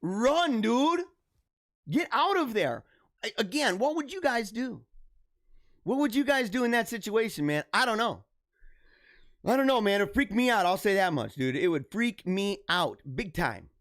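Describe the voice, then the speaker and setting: A man's voice: high voice, very animated, measured pace, fairly bright tone. A young man hosting a casual commentary show. He reacts to news stories, laughs often and repeats himself.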